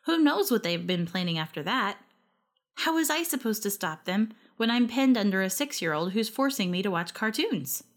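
A woman's voice: mid-range voice, expressive, moderate pace. Wry woman narrating a story. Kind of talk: first-person story narration.

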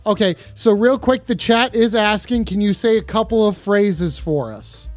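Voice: medium pitch, expressive, normal speed, faint music behind. Goofy tipsy streamer reading chat. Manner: goofy, reads chat questions aloud.

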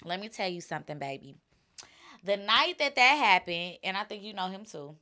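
A woman telling raunchy stories in casual chat, loud and animated, acting out the people in them. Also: mid-range voice, moderate pace, a crowd in the background. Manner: loud, animated, acts out voices in her stories.

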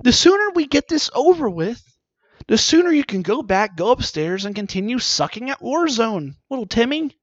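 A man voicing an exasperated, bossy parent who scolds in a shrill, hurried way. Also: big pitch swings, dry recording, exaggerated voice. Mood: scolding. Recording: dull lo-fi dry recording.

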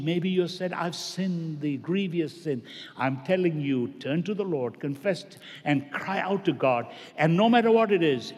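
Pastor, man, high-ish voice, preaching with fervent rises and soft drops, long hall reverb. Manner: impassioned, swings from loud emphasis to hushed tones. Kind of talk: sermon.

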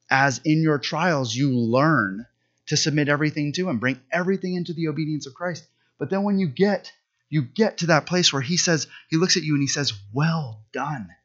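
A man's voice: fairly high pitch, a bit bright. A man in his thirties, a pastor, giving a sermon in an earnest, conversational storytelling way. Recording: dull lo-fi sound.

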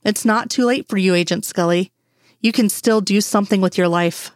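A woman's voice: medium pitch, moderate pace, no echo, lightly acted. A woman voicing a stern, condescending male FBI assistant director in a dry-sounding read story. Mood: weary stern. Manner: cold, clipped, condescending.

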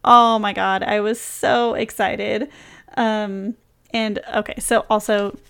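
A woman's voice: medium pitch, level tone, slow pace, creaky, fairly bright tone, clean tone. A young adult woman telling a personal story in a casual, bubbly way, laughing often as she retells it. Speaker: vlogger. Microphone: close mic, reading from a journal.

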